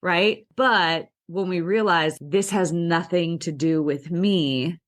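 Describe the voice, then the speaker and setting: A woman's voice: fairly low pitch, takes it slowly. A young woman, a podcast guest, explaining things in an earnest, conversational way and acting out people's inner voices.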